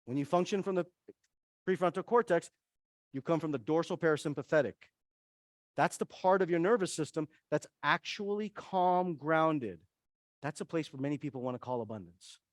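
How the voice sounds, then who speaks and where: A man giving a lively seminar talk to a room of listeners, putting questions to the audience and acting out inner voices. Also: on the high side, normal speed, dry recording, clean studio sound. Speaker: wellness speaker. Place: event room with a live audience.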